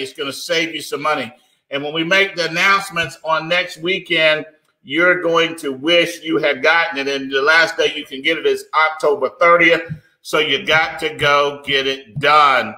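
A man hosting a live online business call, greeting callers by name with energetic hype. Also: fairly high pitch, low-quality recording. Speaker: host of an online business presentation.

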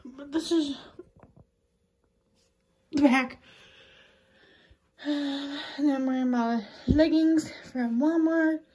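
A woman's voice: high voice, steady tone, extremely slow, pauses often, mellow, muffled recording. A young adult woman chatting casually in her daily vlog, giggly and rambling with lots of fillers, filming herself from her car and then at home. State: out of breath. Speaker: vlogger.

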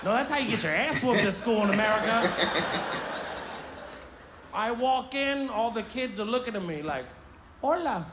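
Animated man from Kuwait doing stand-up. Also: sits high, normal speed, pauses often. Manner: animated, shouts punchlines, laughs while telling. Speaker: stand-up comedian. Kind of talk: stand-up storytelling. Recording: roomy with background noise.

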